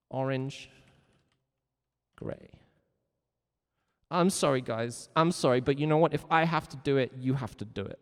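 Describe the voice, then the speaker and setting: A man's voice: on the high side, clear, resonant tone, in a large hall. A man teaching a music lesson during a livestreamed game, theatrical, jokey and mock-stern.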